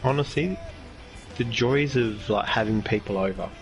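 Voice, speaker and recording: A man's voice: medium pitch, moderate pace, faint music behind. An Australian man co-hosting a casual podcast chat, rambling and self-mocking, laughing easily. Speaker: podcast co-host.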